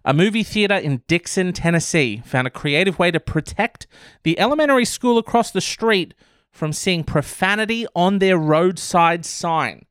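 A man's voice: high voice, animated, normal speed, fairly bright tone, clean tone, no echo, studio quality. A man hosting casual commentary on odd news stories, sarcastic and swearing freely. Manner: sarcastic, swears, laughs often.

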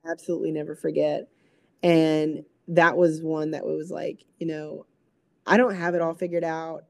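A woman, a recreational therapist, telling an emotional story in an interview, lively, acting out quoted voices with many fillers. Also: low voice, moderate pace, vocal fry, dry recording.

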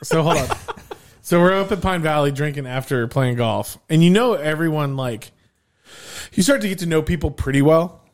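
A man's voice: a little high, lively intonation, moderate pace. A man co-hosting a podcast in casual chat, brash, joking and profane. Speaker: podcast co-host.

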